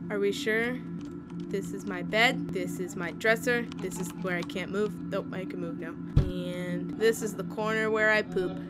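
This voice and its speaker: A woman with a mid-range voice at normal speed hosts a gaming video, a let's play of a horror game. She's jumpy and giggly, shrieking at the scares and making jokes at her own expense, with game music and horror sounds in the background.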